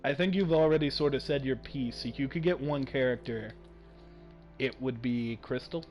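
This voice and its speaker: A young man hosting a casual gaming podcast, excitable, swearing freely and laughing often. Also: medium pitch, normal speed, faint music behind. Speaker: podcast host.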